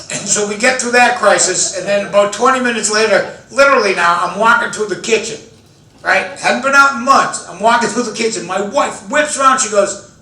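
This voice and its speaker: A man's voice: sits high, fairly quick. A man in his fifties doing a self-deprecating stand-up comedy set, telling stories to an audience in a large event room. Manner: self-deprecating, animated storytelling with audience laughter. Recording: echoey room from far off.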